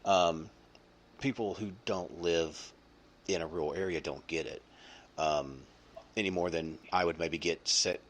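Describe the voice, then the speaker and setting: A man with a low voice hosts a podcast at an unhurried pace. He chats casually and rambles, full of fillers and restarts.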